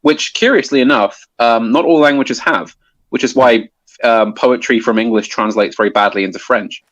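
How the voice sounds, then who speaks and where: A man's voice: mid-range voice, normal speed, a bit bright, no echo, dull audio. A man explaining a topic in casual conversation, hesitant with many restarts and fillers. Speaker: guest explaining poetry.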